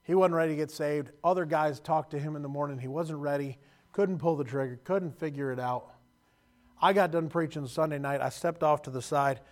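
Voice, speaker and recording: A man preaching a sermon, telling stories with emotion and moving from loud passages to quiet, hushed ones. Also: a little high, fairly quick.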